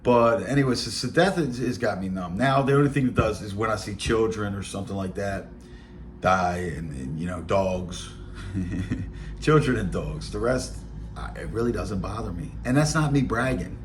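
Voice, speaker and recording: Baltimore man near fifty, low voice, blunt streetwise storyteller with a faint hiss behind him. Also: animated, normal speed. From Baltimore, Maryland. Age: 40s. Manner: blunt, streetwise, rambling with fillers and asides. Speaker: podcast host. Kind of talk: casual storytelling monologue.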